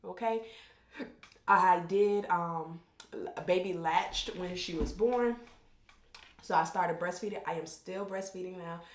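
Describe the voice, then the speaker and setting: A woman's voice: fairly low pitch, unhurried, long pauses. A woman vlogger telling a personal story in casual, candid talk that jumps around and keeps interrupting itself. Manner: rambling, self-interrupting, candid. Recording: roomy echo.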